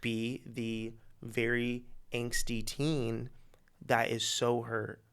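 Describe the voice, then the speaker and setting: A man co-hosting a podcast, spinning a story in casual chat with slangy, animated delivery. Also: mid-range voice, clear, resonant tone. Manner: animated, slangy storytelling with quick acted quotes. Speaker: podcast co-host.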